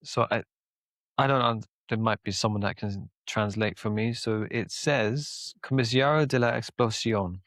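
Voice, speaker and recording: A man with a fairly low voice reads funny names and comments aloud on a casual podcast. His timing is relaxed and dry. The sound is close and dry. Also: normal speed, dry recording. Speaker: podcast co-host.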